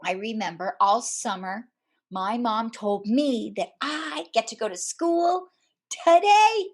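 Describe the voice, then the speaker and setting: Woman speaker, slow-paced storyteller who lets pauses land. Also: medium pitch, breathy edge. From Canada. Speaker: speaker telling a personal story. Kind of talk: personal storytelling talk. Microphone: camera.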